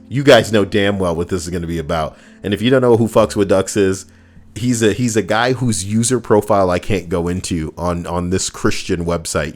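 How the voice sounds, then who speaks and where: Deep-voiced joking male streamer. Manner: animated, joking, swears freely, laughs often. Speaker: streamer reading posts to chat. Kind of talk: casual live-stream chat.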